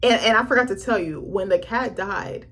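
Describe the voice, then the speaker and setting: A young woman reviewing a film in a casual, animated vlog, swearing freely and acting out the characters' lines. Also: mid-range voice, normal speed.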